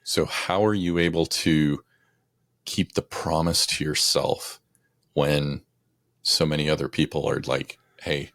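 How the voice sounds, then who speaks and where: A man hosting a podcast, relaxed, putting brief remarks and questions to his guest. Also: rumbling low, a little slow, dry recording, clean studio sound. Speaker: podcast host. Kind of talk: casual interview.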